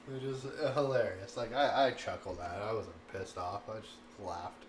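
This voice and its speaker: A man's voice: fairly low pitch, slow pace. Rambling, laughing man in an echoey room. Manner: rambling, animated, laughs often, says "like" a lot. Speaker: cooking streamer. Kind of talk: casual chat and storytelling. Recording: echoey room, faint background noise.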